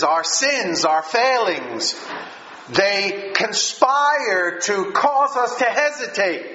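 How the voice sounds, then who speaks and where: A man preaching a sermon in an earnest, emphatic way, repeating phrases and pausing for effect. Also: high voice, sharp tone. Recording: echoey room, dull lo-fi sound with faint hiss.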